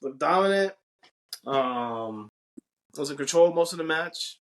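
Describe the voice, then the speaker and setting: A man co-hosting a podcast, animated and opinionated, often restarting his sentences while grading matches. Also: a little high, unhurried. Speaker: podcast co-host. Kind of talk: casual wrestling review chat.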